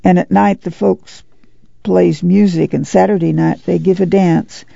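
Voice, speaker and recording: A man voicing an excitable poor rural girl who rambles eagerly in country talk. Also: sits high, a little slow, vocal fry, dry recording, full character voice. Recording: dull lo-fi dry audiobook recording.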